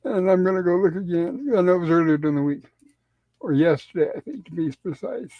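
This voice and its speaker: A high-pitched man hosting a casual live stream, his voice sounding a little weak. He talks in an easygoing, jokey way with his co-hosts. The sound is dry and close. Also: lively intonation, quick pace, no room sound, highs cut off. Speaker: livestream host. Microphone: remote call on a streaming panel.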